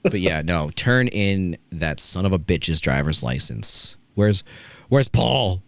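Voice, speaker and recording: A man's voice: low voice, expressive, measured pace, no room sound. A man hosting a casual wrestling podcast, ranting and swearing with mocking asides. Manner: profane, ranting, does mocking impressions. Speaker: podcast host.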